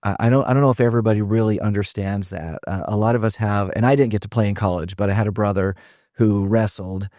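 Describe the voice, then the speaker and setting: A male podcast host speaks in a lowish, warm voice, affirming his guest and reflecting. The recording is dry and close to the mic. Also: steady tone, fast talker, no echo. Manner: affirming, reflective, leads with questions. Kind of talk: conversational interview.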